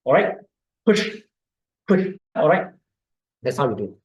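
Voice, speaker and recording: A man's voice: medium pitch, sing-song, brisk, muffled recording. A man with a Malaysian English accent giving an informal health lecture, explaining and repeating words as he demonstrates breathing. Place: lecture hall. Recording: echoey lecture room.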